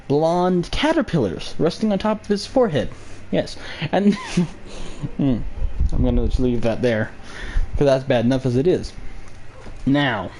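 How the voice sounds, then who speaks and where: A man's voice: fairly high pitch, dark tone, slight background noise. A man hosting a live online broadcast, rambling through mocking commentary in a sarcastic, chatty way and laughing at his own jokes. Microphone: home microphone.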